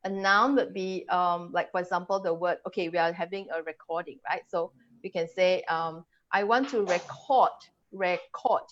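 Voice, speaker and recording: A woman's voice: on the low side, steady tone, normal speed, fairly bright tone, dull audio. A Singaporean woman, an English coach, teaching pronunciation on a video call. She drills sounds aloud and laughs often. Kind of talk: webinar teaching, demonstrating sounds.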